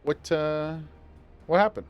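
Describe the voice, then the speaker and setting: A man's voice: on the high side, takes it slowly, clear, resonant tone, highs cut off. Enthusiastic chatty male streamer. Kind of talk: casual gameplay livestream chat.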